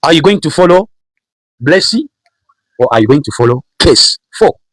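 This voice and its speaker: Husky emphatic male preacher. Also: on the high side, big pitch swings, normal speed, a bit bright, no room sound, rough recording. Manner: emphatic, repetitive, rhetorical questions. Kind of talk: sermon.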